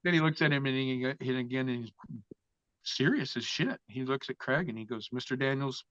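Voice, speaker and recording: A man's voice: medium pitch, brisk, no echo. A man from Florida, a guest in an interview, telling a long story with lots of swearing and acting out the other people in it. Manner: profane, animated storyteller who acts out other people's lines. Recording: dull, lo-fi sound.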